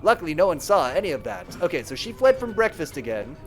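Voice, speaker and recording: A young man streaming a narrative game live, chatting and thinking aloud in an animated way. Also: a little high, quick pace, faint music behind. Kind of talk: live gameplay commentary.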